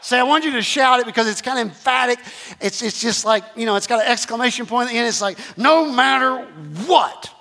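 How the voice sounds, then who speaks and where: High voiced guy preaching, punchy repeats, calls out to the crowd, big echoey church. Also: fairly even intonation, quick pace, pushed and bright. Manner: repetitive, emphatic preaching with call-and-response. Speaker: pastor. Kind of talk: sermon.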